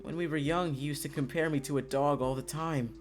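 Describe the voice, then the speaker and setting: A streamer voicing a gentle, soothing young man while reading a visual novel aloud. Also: mid-range voice, steady tone, fairly quick, soft background music, lightly acted.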